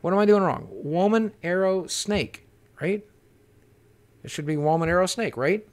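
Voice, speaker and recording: A man giving live gameplay commentary as a streamer, excitable and swearing, panicking and talking to his chat. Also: high voice, moderate pace. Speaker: gaming streamer.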